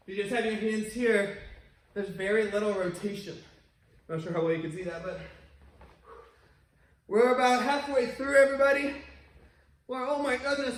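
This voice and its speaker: High-voiced guy leading a martial arts warmup, talking through a mask, echoey studio, kinda far from the mic. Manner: upbeat, encouraging, chatty with asides. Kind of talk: online workout class instruction. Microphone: wears a face mask while talking. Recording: roomy echo, distant from mic.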